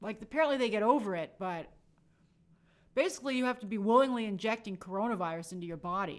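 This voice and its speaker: A woman's voice: fairly high pitch, expressive, fast. Chatty woman hosting a live stream. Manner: chatty, friendly, reads names aloud. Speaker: live stream host reading viewer comments. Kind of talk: casual live chat.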